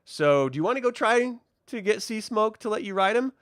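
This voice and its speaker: A man voicing a commanding young queen, persuading in a brisk, matter-of-fact way. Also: medium pitch, expressive, no room sound, studio quality, voice pushed up, natural voice. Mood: coaxing.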